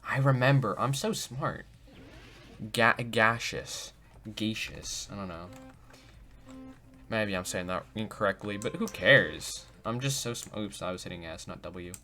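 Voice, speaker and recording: Bright, goofy young gamer guy. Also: on the low side, animated, moderate pace, faint music behind. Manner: goofy, self-mocking, talks to himself. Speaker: gaming video host. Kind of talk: let's play commentary.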